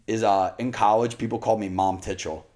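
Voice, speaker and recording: Young male podcast co-host, lowish voice, rambling swearing storyteller. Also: steady tone, fairly quick, a little mellow. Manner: rambling storyteller, swears a lot, acts out quotes. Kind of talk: casual podcast chat.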